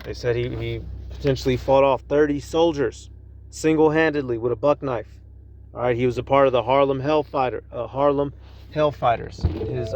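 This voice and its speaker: A man's voice: medium pitch, dull audio. A man hosting his own channel. He talks to viewers in an emphatic, profane way, often repeating himself and calling them y'all. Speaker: channel host. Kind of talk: casual commentary to camera. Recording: clear outdoor traffic noise.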